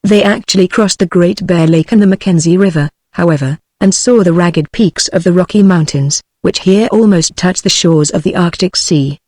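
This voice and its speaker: A text-to-speech voice of a woman with a British English accent, reading an adventure novel aloud in an even, synthetic manner. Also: fairly low pitch, normal speed, hardly any pauses, no room sound, clean studio sound. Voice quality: even synthetic delivery, same voice for all characters. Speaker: audiobook narrator.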